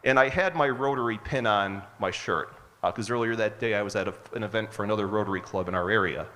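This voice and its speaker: A man's voice: on the low side, fast talker, pushed and bright, in a large hall. Earnest man telling a story on stage. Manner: earnest, conversational, frequent uh's. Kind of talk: personal story told on stage. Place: hotel event hall.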